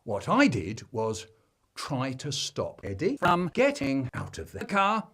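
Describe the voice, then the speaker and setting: A man telling a comic family story, acting out the children's shouts in an animated way. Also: medium pitch, slow pace.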